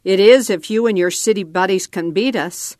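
A woman voicing a gruff, bossy male cowboy leader in a read-aloud story, speaking bluntly and giving orders. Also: mid-range voice, normal speed, a little mellow, no echo, studio quality, lightly acted.

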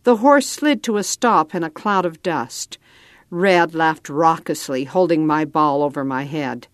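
A woman's voice: low voice, a little slow, dry recording, studio quality. A woman reading a storybook aloud, lightly acting out the dialogue.

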